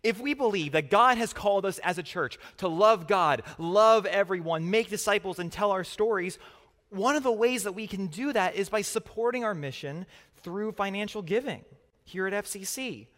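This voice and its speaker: A man speaking to a church congregation in an earnest, measured way. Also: high voice, fairly bright tone. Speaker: church leader. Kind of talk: church address. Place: church sanctuary. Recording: long hall reverb.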